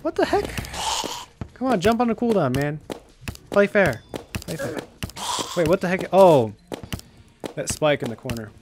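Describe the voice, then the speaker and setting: A young man doing let's play commentary, excitable and given to shouting at enemies in frustration. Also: fairly high pitch, normal speed, pauses often, over music. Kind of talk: gameplay commentary.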